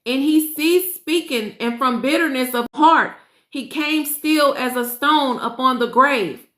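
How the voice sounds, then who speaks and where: A woman's voice: high voice, a bit bright. A woman reading scripture aloud in an earnest, emotional way, breaking off for casual asides to her listeners. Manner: earnest and emotional, pauses to react. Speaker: scripture reader and host. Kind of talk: reading aloud with personal commentary. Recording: roomy echo.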